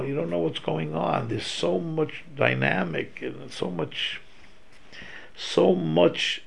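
Guy teaching a torah class, super gravelly voice, kinda husky, chatty. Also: medium pitch, poor audio. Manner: conversational, explains by acting out quoted speech. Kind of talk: informal religious lesson.

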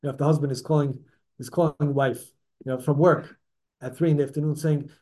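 A man's voice: a little high, fairly even intonation, brisk, warm tone. A man teaching a Torah class to a small group, talking conversationally, correcting himself mid-sentence and putting questions to his listeners. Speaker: religious teacher.

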